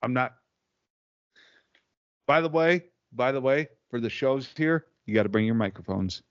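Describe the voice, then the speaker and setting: A man's voice: medium pitch, lively intonation, moderate pace, clean tone, highs cut off. A man co-hosting a casual comedy podcast, trading wry, laughing banter and short anecdotes. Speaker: podcast co-host.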